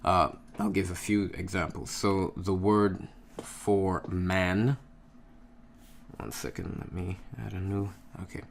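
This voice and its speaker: A man teaching a casual lesson, patient and unhurried, who keeps checking in with "okay?" while he writes out examples. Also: low-pitched, little pitch movement, creaky, slight background noise. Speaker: Hebrew language teacher.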